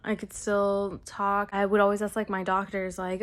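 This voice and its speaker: A young woman, a new mother, casually telling her birth story to camera, animated and full of "like", acting out what others said. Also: mid-range voice, brisk, few pauses. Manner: animated, fillers like "like", acts out quotes.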